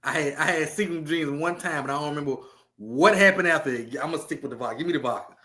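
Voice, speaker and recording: A young man, chatting casually as a podcast guest, animated and quick to laugh, repeating his lines as he tells stories. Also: fairly high pitch. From Louisiana. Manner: animated storyteller, laughs often, repeats himself.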